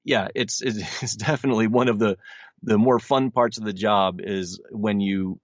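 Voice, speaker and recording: A man's voice: lowish voice, steady tone, moderate pace, no echo. A man in his thirties, an audiobook narrator being interviewed, talking earnestly and rambling with many restarts. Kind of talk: casual interview chat. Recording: slightly dull lo-fi sound.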